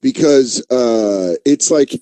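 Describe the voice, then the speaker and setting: A man's voice: medium pitch, slow, no echo. A man co-hosting a comedy radio show, talking casually and joking with bursts of put-on voices. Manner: joking, animated impressions of friends.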